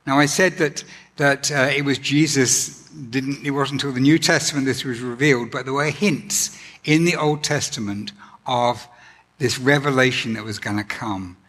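A man preaching a sermon in an earnest, gentle way, often pausing with ums and restarting his sentences. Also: medium pitch, steady tone. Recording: long hall reverb.

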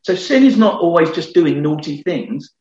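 A man's voice: a little high, very animated, moderate pace, a little mellow. A middle-aged man preaching a sermon in an earnest, conversational way, often restarting his phrases. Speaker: pastor. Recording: echoey hall, slightly dull sound.

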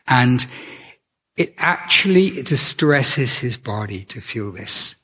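A man's voice: medium pitch, big pitch swings, unhurried, pushed and bright, slightly rough. A man preaching a sermon in a conversational way, often restarting his sentences. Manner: conversational, with many restarts and fillers.

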